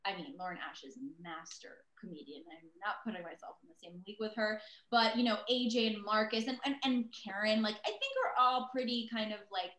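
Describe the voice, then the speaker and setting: A woman in her thirties talks through an interview over a video call, loose and chatty with plenty of ums and self-mocking asides. Her voice sits at a middling pitch. The room around her rings with a noticeable echo. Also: brisk, few pauses, fairly bright tone. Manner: chatty, self-deprecating, many fillers. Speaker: voice actress guest. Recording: roomy echo.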